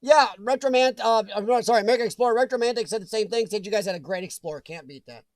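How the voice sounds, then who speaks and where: A man hosts a casual livestream, reading viewer chat aloud, joking, and laughing often. His high-pitched voice goes very fast, and there's no echo.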